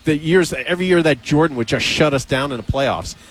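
A man hosting a sports radio show, chatting casually and excitably about his team and laughing easily. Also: a little high, brisk, faint music behind.

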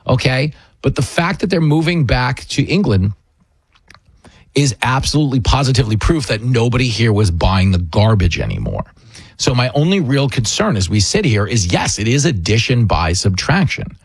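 A man's voice: medium pitch, very animated, normal speed, husky, dry recording. A man hosting a comedy show, delivering a sarcastic, mocking monologue.

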